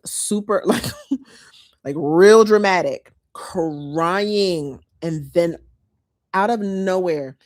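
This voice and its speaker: A woman's voice: lowish voice, a little mellow. A woman, chatting casually and heartfelt to her viewers as a lifestyle vlogger.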